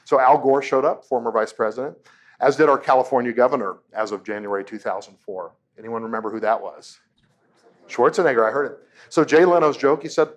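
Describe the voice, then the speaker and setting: Storytelling engineer giving a lecture. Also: male voice, mid-range voice, brisk. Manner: storytelling, self-deprecating jokes, quizzes the audience. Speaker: propulsion engineer giving a public talk. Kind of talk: humorous public lecture with anecdotes. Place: lecture room with an audience.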